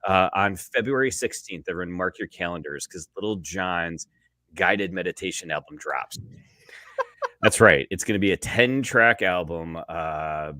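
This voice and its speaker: A man's voice: sits low, sharp tone, no room sound, studio quality. A man co-hosting a sports podcast in casual, jokey chat, rambling and laughing often. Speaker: podcast co-host.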